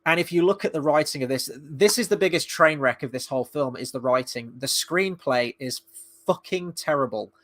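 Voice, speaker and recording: A man's voice: fairly high pitch, moderate pace, fairly bright tone. A man giving a blunt, exasperated film review in casual, sweary talk.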